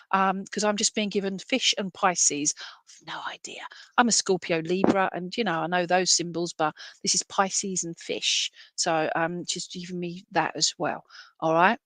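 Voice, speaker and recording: A woman's voice: medium pitch, moderate pace, a bit bright, no room sound. Woman, medium reading, rambling reassuring chat, dry close sound. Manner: chatty and rambling, with self-deprecating asides; reassuring, often checks in with "all right?". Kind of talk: clairvoyant reading at an online church service.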